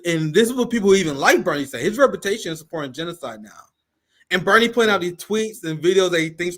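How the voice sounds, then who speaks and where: Heated guy ranting on a live stream, cusses a lot, kinda high voice. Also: fairly bright tone. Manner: heated, blunt and profane. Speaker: host. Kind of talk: live-stream political commentary.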